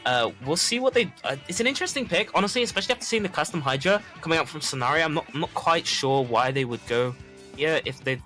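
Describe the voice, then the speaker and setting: Guy doing esports commentary, bright voice, stumbles over words, faint music behind. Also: a little high, expressive. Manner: rapid, repeats words, chatty.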